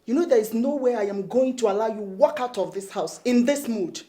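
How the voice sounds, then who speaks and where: An actress playing an anxious woman who protects a troubled friend and keeps pleading with him to calm down. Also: a little high, brisk, close to an everyday voice. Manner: pleading, soothing.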